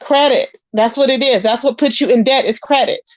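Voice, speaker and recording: A woman's voice: a little high, normal speed, no echo. A woman doing casual live-stream commentary, reading chat aloud in a sassy way, calling viewers child and honey. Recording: dull lo-fi, dry.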